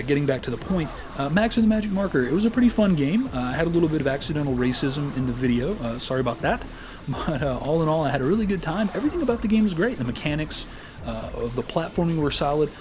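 A man's voice: a little high, animated, quick pace, background noise. A man hosting a casual weekly gaming round-up, rambling and joking with lots of filler words. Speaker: gaming show host.

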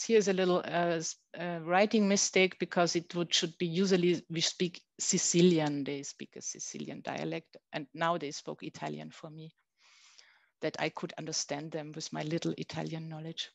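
A middle-aged woman reads her own comic aloud and breaks off to explain it, in non-native English with small slips and hesitant fillers. Her voice sits low and the sound is dry and close. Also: fairly even intonation, moderate pace, vocal fry, dry recording. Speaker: comics artist reading own work. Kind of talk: reading aloud with commentary.

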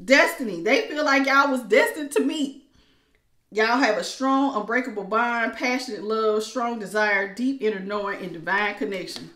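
A woman with talks through a tarot reading, animated and quick to laugh. Her voice is bright and clear, and it sounds roomy and echoey. She keeps calling her listeners honey. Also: a little high. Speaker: tarot reader. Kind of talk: casual tarot reading to camera.

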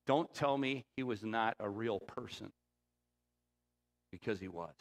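A middle-aged man preaching a sermon as pastor, rising to loud emphatic peaks and dropping low and quiet for quoted lines. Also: takes it slowly, vocal fry. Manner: drops to a low, quiet voice when quoting the Spirit.

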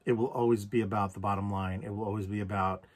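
A man's voice: lowish voice, level tone, fast talker. Man telling a candid personal story. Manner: candid, reflective, swears freely. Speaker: vlogger.

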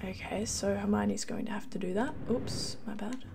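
A woman hosting a let's play video, commenting on her game in an excitable, panicky way with repeated exclamations. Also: mid-range voice, moderate pace, creaky, background noise. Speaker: gameplay host.

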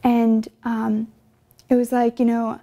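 A woman's voice: fairly high pitch, monotone, takes it slowly, mellow. A young woman, a religious sister, telling her vocation story in an earnest, conversational way, full of fillers and emotion. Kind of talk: personal vocation testimony.

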